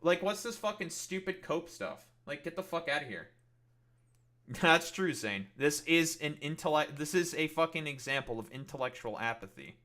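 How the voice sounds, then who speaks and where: A man streams live and rants at his chat in a bright, forceful voice that sits a little high. He is combative and swears constantly, switching into sarcastic mockery between his attacks. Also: lively intonation, a little fast, few pauses. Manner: heated, profane, combative; sarcastic, mocking.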